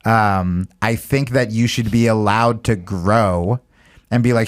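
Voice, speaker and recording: Male comedian guest, candid and rambling, slightly low pitch, self-deprecating talk-show chat. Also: slow pace.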